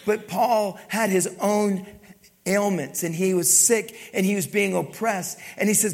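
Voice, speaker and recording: A man preaching a sermon to his congregation, often dropping to a hushed, intimate tone. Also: sits high, a little slow, vocal fry, in a large hall. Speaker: pastor. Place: church sanctuary.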